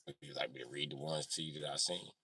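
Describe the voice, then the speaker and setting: A man's voice: very deep voice, flat delivery, fast talker, pushed and bright, husky, dry recording, studio quality, far from the mic. A man in his thirties hosting a live stream, rambling casually and profanely and answering his chat. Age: 30s. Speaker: livestream host.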